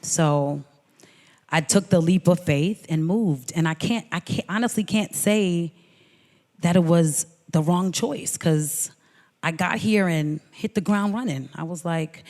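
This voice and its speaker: Lively woman telling stories in a reverberant hall. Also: medium pitch. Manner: lively storyteller, quotes people in voices. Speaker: guest musician. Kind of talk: artist talk conversation. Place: hall at a museum.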